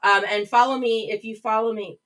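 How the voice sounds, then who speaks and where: Chatty bright-voiced woman hosting a livestream. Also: a little high, fairly even intonation, a little fast, recorded from a distance, low-quality recording. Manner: chatty, reads chat comments aloud, rambling restarts. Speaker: livestream host. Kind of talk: casual live-stream chat. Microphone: webcam mic, a little back from screen.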